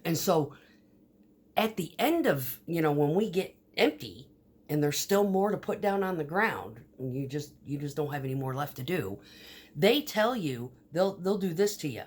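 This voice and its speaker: A woman's voice: low voice, expressive, normal speed, a little mellow, breathy edge. A woman vlogger telling stories in a casual, rambling monologue, swearing often, with many fillers and restarts. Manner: profane, storytelling, frequent fillers and restarts.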